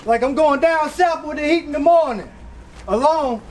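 A man from South Carolina delivers boastful, aggressive battle rap in a strikingly high voice. He breaks into shouts and hype ad-libs, over a noisy live recording full of crowd ambience. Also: moderate pace. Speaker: battle rapper.

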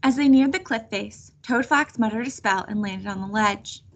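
A woman reading a children's chapter book aloud in a steady storytelling manner. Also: on the high side, moderate pace. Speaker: reader.

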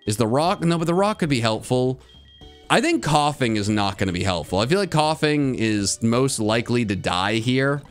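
A man streaming a video game live, chatting with his viewers and breaking into loud, frustrated outbursts. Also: mid-range voice, lively intonation, normal speed, soft background music. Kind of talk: live gameplay commentary.

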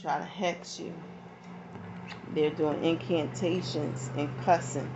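A deep, gravelly female voice, steady in tone and slow in pace, delivers a casual tarot reading straight to viewers. She's not from the American South and chats conversationally, often pausing for asides and check-ins. Audio is dull and lo-fi with faint background noise.

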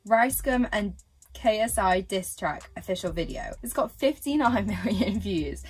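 A woman's voice: medium pitch, animated, unhurried, breathy edge. A young woman giving casual, chatty reaction commentary at home, full of fillers and giggles. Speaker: reaction vlogger.

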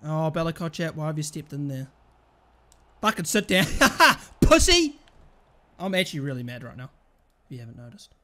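A young man streaming a football video game, swearing constantly and switching between shouted outbursts and muttered grumbling at the match. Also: fairly high pitch, fast talker. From England. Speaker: gaming streamer. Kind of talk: live gameplay commentary.

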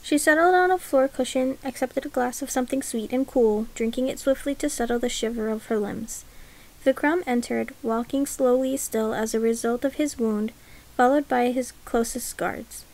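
A woman's voice: fairly high pitch, normal speed, a little mellow. Woman reading a novel aloud. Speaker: audiobook reader. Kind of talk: scripted narration.

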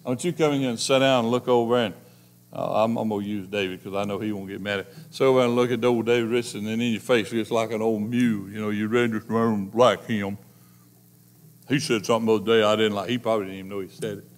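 A man preaching a sermon, telling folksy stories and swinging between loud and soft. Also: lowish voice, fairly even intonation, fast. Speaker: pastor.

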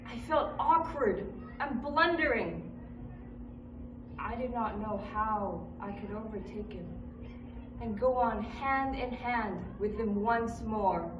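A woman's voice: on the high side, lo-fi sound. A woman gives a wistful dramatic reading of a literary passage. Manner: slow, wistful, expressive recitation. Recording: roomy, distant stage recording with hiss.

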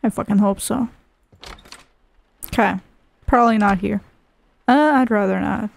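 A woman streams a horror game, swearing, mock-scolding, and being sarcastic, then turns sing-song while reading a storybook aloud. Her gravelly, medium-pitched voice is unhurried with frequent pauses, on a dry recording.

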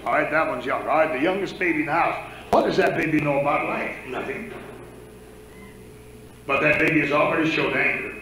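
Bright-voiced preacher in an echoey church. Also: male voice, a little high, slight background noise. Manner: conversational, asks the congregation questions. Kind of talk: sermon with congregation questions.

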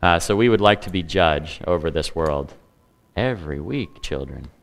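A man's voice: very deep voice, moderate pace, vocal fry. A man preaching a sermon in a conversational way, with humor and asides to the congregation. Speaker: pastor.

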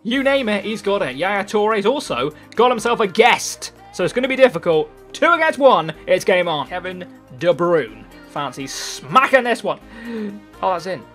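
Excitable gamer man, sweary commentary. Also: sits high. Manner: excitable, swears freely, swings between mumbling and shouting. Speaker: gaming YouTuber. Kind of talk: live gameplay commentary.

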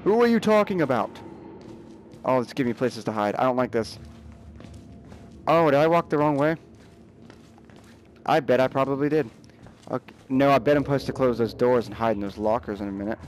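A man's voice: medium pitch, fairly quick, long pauses, a little hiss or hum. A young man giving let's play commentary, jumpy and nervous, talking back to the game's characters. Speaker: gamer.

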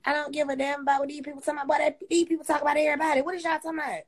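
Fast-talking high-voiced woman ranting. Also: level tone. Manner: blunt, profane, ranting. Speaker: livestream host. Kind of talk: casual livestream chat.

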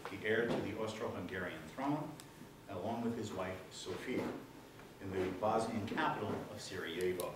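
A man giving a public lecture, telling jokes in an animated storytelling way before the serious talk. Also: mid-range voice. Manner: animated storyteller, voices the joke characters. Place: lecture hall with audience. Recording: echoey hall, distant mic, room noise.

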